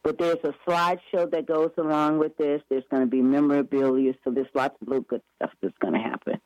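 A man's voice: on the high side, fairly even intonation, a little fast, a little mellow, no echo, highs cut off. A man chatting eagerly as an interview guest, rambling with many restarts and self-corrections. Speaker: guest promoting upcoming events. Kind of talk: casual radio interview chat.

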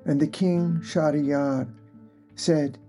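A storyteller narrating a folk tale in a slow, measured way. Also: mid-range voice, steady tone, mellow, faint music behind.

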